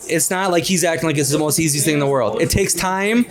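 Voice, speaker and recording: A man's voice: a little high, fast. Young man coaching, with a crowd behind. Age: 20s. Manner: coaching tone, swearing, ends points with "okay?". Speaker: podcast co-host. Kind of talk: casual podcast chat.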